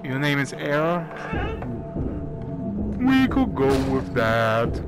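A man playfully commenting on his VR gameplay, joking and making silly sounds, over loud game music. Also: fairly high pitch, big pitch swings, drawn-out words. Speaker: gamer.

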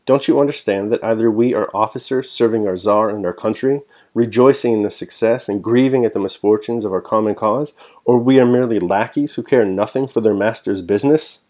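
Stern young prince-officer, sharp and cross; male narrator voicing him. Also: lowish voice, a little fast, natural voice. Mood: indignant. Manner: sharp, angry.

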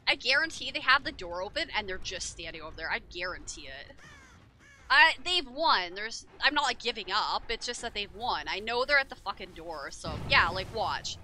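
A woman's voice: mid-range voice, very animated, normal speed, pushed and bright, a little hiss or hum. A young woman streaming a horror game, talking to her chat with frequent swearing and frustration. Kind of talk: casual game commentary.

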